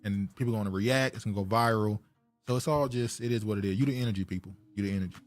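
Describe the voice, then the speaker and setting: A man's voice: fairly low pitch, racing, faint music behind. A man co-hosting a casual podcast, laid-back and chatty, often laughing. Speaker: podcast co-host.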